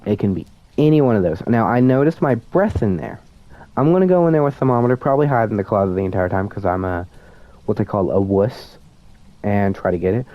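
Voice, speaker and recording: A man's voice: lowish voice, lively intonation, fairly quick, no room sound. A young man giving casual commentary on a horror game, nervous and self-mocking as he talks to his viewers. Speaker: student gamer. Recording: dull lo-fi sound.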